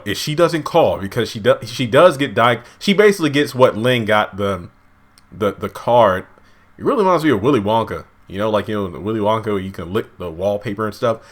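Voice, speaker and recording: A man casually recapping a TV episode at home, lively and acting out characters' lines in high voices. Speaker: TV show reviewer. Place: home, indoors.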